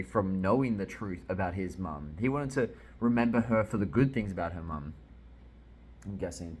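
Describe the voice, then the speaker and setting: Excitable low-voiced young man. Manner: excitable, swearing, laughing often. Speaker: manga reviewer. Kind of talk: casual reaction commentary.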